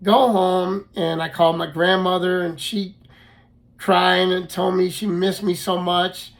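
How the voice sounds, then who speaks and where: A man casually telling his own life story, halting often with fillers and restarts. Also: high voice, little pitch movement.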